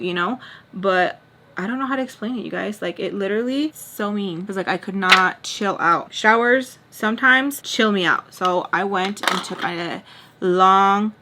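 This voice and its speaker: Bright-voiced young woman telling a story. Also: mid-range voice, a little fast, a little hiss or hum. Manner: chatty, fillers of "like", acts out her own thoughts. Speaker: storytime vlogger. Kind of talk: casual storytime.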